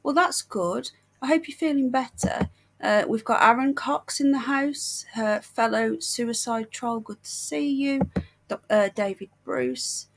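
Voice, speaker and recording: A British woman hosts a casual livestream chat while unwell and short of breath, staying chatty and affectionate with her viewers. Her voice is a little high and she speaks a little slowly.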